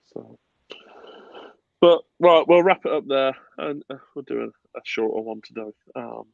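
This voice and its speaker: A man hosting a casual football podcast, animated and swearing freely, with bursts of laughter. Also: medium pitch, unhurried, creaky, no room sound, highs cut off. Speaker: podcast host.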